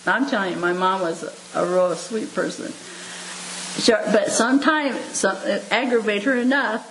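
A woman in her seventies delivers a homespun devotional sermon, chuckling often, repeating her points and addressing listeners as if they were family. Her voice is mid-range and a bit bright, at a moderate pace. The recording is low quality, with a little hiss or hum.

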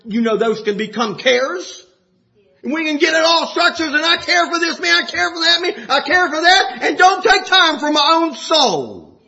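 A man preaching a sermon with passion, rising to shouts and dropping low. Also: expressive, normal speed, creaky, highs cut off.

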